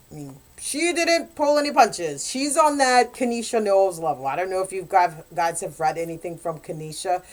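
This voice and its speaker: A woman and romance author chatting casually in a book review, animated and quick to laugh. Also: mid-range voice.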